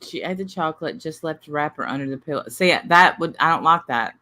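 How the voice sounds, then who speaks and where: A woman host with a bright, forceful voice, chatting casually. She tells stories with animation and throws herself into loud impressions of what others said. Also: sits low, brisk. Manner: animated, acts out quoted voices loudly. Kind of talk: casual chat, storytelling.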